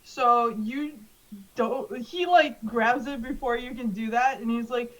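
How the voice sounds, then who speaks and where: A woman's voice: a little high, unhurried, a bit bright, low-quality recording. A young woman narrating as game master of a tabletop game, laughing often and using many fillers.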